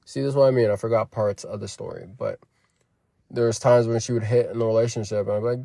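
Male vlogger, gravelly dark voice, loose swearing storytime delivery. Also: mid-range voice, a little fast, no echo, studio quality. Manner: profane, animated retelling that acts out quoted lines. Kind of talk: casual storytime.

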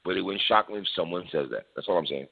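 A man's voice: low-pitched, very fast, gravelly, breathy edge. A man in casual hip-hop debate chat, laid-back and slangy, who laughs often and repeats his phrases. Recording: tinny phone-like sound.

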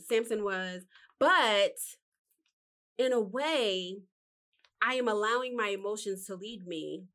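A woman with a mid-range, slightly bright voice tells a Bible story indoors. As a vlogger, she keeps it loose and chatty, dotted with fillers and asides.

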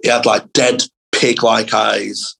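Husky-voiced man telling swearing school anecdotes. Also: on the low side, takes it slowly, low-quality recording. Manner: animated anecdotes, lots of swearing. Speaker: comedian guest. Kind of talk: casual storytelling chat.

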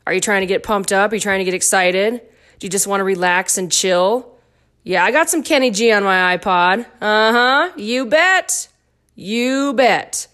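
A woman's voice: medium pitch, normal speed, fairly bright tone. A middle-aged woman hosting her own dance fitness podcast, chatty and goofy with playful asides. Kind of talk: casual solo podcast talk.

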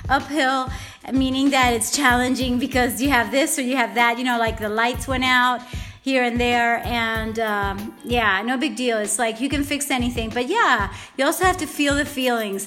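High-voiced woman giving heartfelt pep talk. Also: fairly even intonation, normal speed, a bit bright, soft background music. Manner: heartfelt, rambling, earnest. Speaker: podcast host. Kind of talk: off-the-cuff motivational podcast talk. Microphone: podcast microphone.

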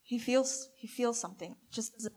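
A woman giving a halting, imaginative reflection at a church gathering, with many restarts. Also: fairly high pitch, darkish tone. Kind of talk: sermon reflection.

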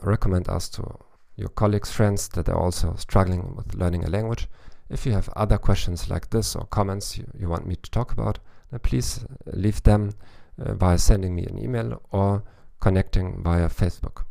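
Gravelly low-voiced man giving advice. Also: fairly even intonation, normal speed, hardly any pauses, warm tone. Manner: thoughtful, with frequent restarts and fillers. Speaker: language coach podcast host. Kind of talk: solo advice podcast.

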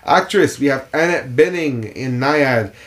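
A man co-hosting a casual film podcast, opinionated and quick to swear. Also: mid-range voice, fairly bright tone. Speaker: podcast co-host.

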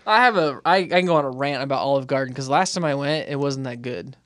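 A man's voice: mid-range voice, fast talker, fairly bright tone, a little hiss or hum. Chatty, rambling man host. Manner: chatty, rambling, many fillers and restarts. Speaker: podcast host. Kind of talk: casual interview chat.

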